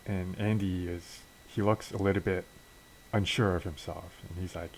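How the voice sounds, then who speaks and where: Casual male game narrator, very low voice, loose and offhand. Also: little pitch movement, moderate pace, darkish tone, slight background noise, rough recording. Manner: offhand, filler-heavy retelling. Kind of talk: casual narration of a wrestling sim storyline.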